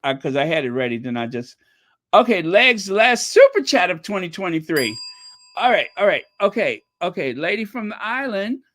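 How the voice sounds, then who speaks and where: A woman from a Caribbean island hosting a casual livestream, chatty and excitable as she thanks her viewers. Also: lowish voice, normal speed. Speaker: livestream host.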